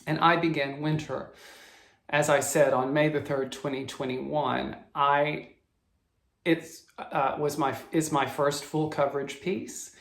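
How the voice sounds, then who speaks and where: A man's voice: a little high, fairly even intonation, creaky, a bit bright. A man with a Southern US accent, chatting casually about his cross-stitch projects, stopping and restarting his sentences often. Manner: halting, with frequent restarts and self-corrections. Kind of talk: casual show-and-tell chat. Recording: roomy echo.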